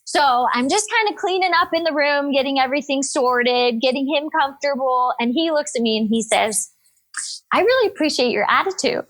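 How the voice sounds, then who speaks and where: A woman in her thirties, a nurse and podcast guest, telling a story in an energetic, upbeat, animated way. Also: high voice, fairly quick, few pauses. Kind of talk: casual storytelling interview.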